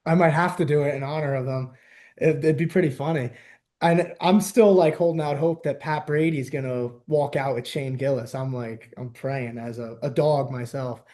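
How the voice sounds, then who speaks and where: A young man from the New Jersey–New York area, hosting a podcast in casual, animated chat and laughing often. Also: medium pitch, moderate pace. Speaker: podcast host.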